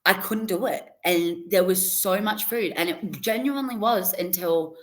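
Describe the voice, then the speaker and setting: Young woman guest, low voice, loose chatty storytelling with laughs. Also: unhurried. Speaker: podcast guest. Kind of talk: casual interview chat.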